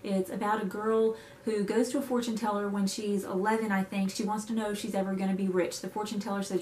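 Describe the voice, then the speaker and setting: A woman's voice: medium pitch, little pitch movement, quick pace, few pauses, a little mellow. A young woman vlogger chatting casually to camera about books she loves, with self-mocking asides. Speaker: book vlogger. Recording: echoey room with faint hiss.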